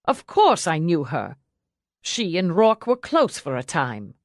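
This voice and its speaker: Prim older butler, as a woman puts him on, measured and formal, composed, dry close sound, lively pitch. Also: no room sound, heavily acted. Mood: reserved.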